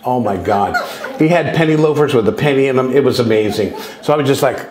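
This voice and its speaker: This man's medium-pitched, slightly mellow voice moves at a quick pace through long, wandering personal stories. In his sixties and appearing as a guest speaker on contact experiences, he keeps restarting sentences and acting out quotes. The recording sounds roomy and echoey.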